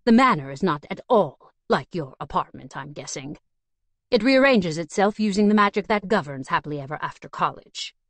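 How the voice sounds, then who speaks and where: A woman's voice: lowish voice, lively intonation, normal speed, dry recording. A woman voicing a stuffy, posh male butler who speaks in a formal, refined way. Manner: formal, clipped and proper.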